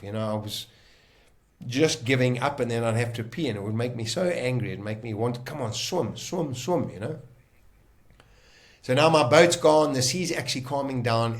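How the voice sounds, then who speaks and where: A man recounts his survival story in a vivid, emotional way. He often stops and restarts mid-sentence as he searches for words. His voice sits at an ordinary middle pitch. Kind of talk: casual storytelling.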